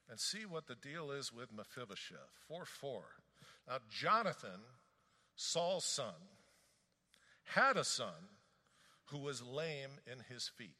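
A man preaching a sermon in an animated, conversational way, reading scripture aloud and commenting on it. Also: fairly high pitch. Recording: long reverb of a large hall.

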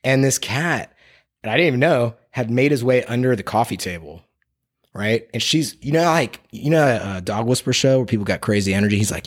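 Man, realtor, casual storytelling, lively up-and-down voice, slangy, laughing often. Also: medium pitch, brisk. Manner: animated, slangy, laughs a lot. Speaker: real estate agent.

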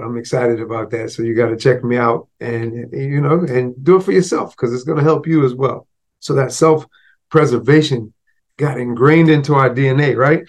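A podcast host tells a personal story meant to motivate, speaking casually and often dropping in asides like "right?" and "you know." His mid-range voice is a little mellow.

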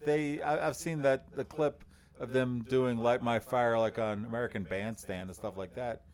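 A man co-hosting a podcast with a baritone voice, telling a long story in a relaxed, rambling way with lots of fillers. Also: normal speed. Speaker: podcast co-host. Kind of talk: casual chat.

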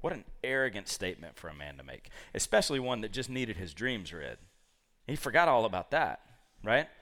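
A man preaching a lively sermon, acting out the characters of a Bible story. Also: lowish voice, a little fast. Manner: animated, acts out quoted characters.

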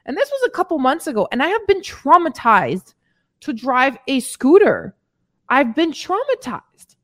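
A woman with a fairly high voice that swings widely in pitch, speaking as a weight-loss coach in a casual motivational podcast. She talks candidly and chattily, addressing her listeners as ladies and letting the odd swear word slip. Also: big pitch swings, unhurried.

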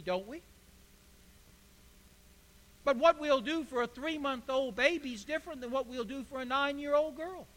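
Preacher in an echoing hall. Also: male voice, very high-pitched, sharp tone. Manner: preaching with rising emphatic bursts. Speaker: pastor. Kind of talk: sermon. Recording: echoey hall.

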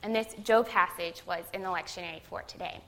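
A woman's voice: lowish voice, brisk, a bit bright, slight background noise. A young adult woman, a seminary student, giving a conversational sermon that opens with a self-deprecating personal story.

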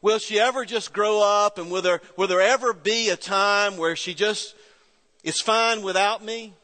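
A middle-aged man preaching a sermon, telling a story with pauses and soft quoted voices. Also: high voice. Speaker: pastor. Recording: reverberant church hall.

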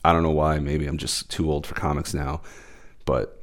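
A man's voice: extremely low pitch, level tone, normal speed. A man hosting a podcast, giving a casual, rambling comic book review full of hesitations and fillers. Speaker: podcast host.

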